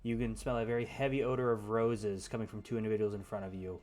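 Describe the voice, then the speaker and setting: A man's voice: fairly low pitch, quick pace. Man running a tabletop game. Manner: relaxed, rule-checking, descriptive. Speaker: game master.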